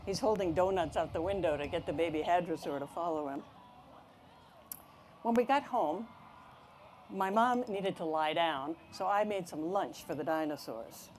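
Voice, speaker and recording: A woman reading a children's picture book aloud, with expressive narration and asides about the pictures. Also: mid-range voice, moderate pace, faint music behind. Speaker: storybook reader.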